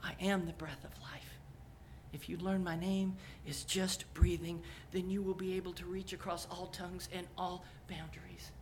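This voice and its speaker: A woman whispering a breathy divine voice. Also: fairly low pitch, flat delivery, moderate pace, hardly any pauses, darkish tone, slight background noise, natural voice. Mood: gentle. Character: divine voice, a soft breath of life.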